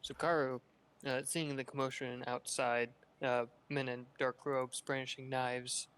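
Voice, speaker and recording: A man with a smooth, level voice plays a tabletop game. He describes his moves haltingly and fills the gaps with "uh". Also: medium pitch, little pitch movement, a bit bright. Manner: hesitant, full of "uh"s. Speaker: player. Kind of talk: casual tabletop play.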